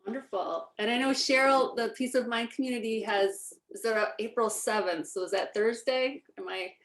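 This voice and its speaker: A woman's voice: on the high side, normal speed. A woman hosting an online meeting, announcing events with loose, searching phrasing. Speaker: host. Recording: roomy echo.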